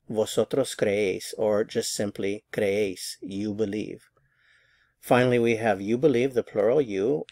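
A man teaching a language lesson, drilling words slowly and carefully with clear stress. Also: mid-range voice, darkish tone, no echo, studio quality. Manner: slow, careful pronunciation drills.

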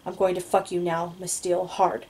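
A woman reading the part of an intense, possessive young man, speaking low and hushed. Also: level tone, normal speed, lightly acted, rough recording. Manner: low, hushed, controlled delivery.

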